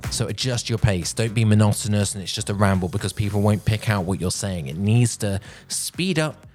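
A man's voice: fast, faint music behind. Emphatic man giving speaking advice. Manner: expressive, emphatic, varies pitch and pace. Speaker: podcast host. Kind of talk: public speaking advice podcast.

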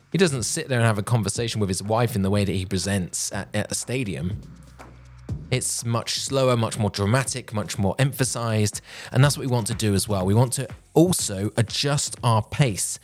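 A young man hosting a podcast on public speaking, talking in an expressive, emphatic way that deliberately varies his pitch and pace. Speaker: podcast host.

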